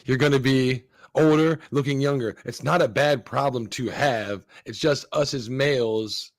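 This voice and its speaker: A man's voice: mid-range voice, a little slow, no room sound, clean studio sound. A man co-hosting a casual podcast, giving opinions in a rambling way with restarts. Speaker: podcast co-host. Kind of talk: casual chat.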